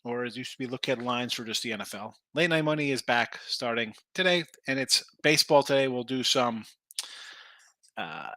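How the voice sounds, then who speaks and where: A man's voice: medium pitch, expressive, moderate pace, bright, forceful tone, no room sound. A man hosting a sports betting podcast, chatting in a rambling, jokey way as he reads out viewer comments. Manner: rambling, chatty, self-correcting, jokey asides. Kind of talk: casual chat reading viewer comments.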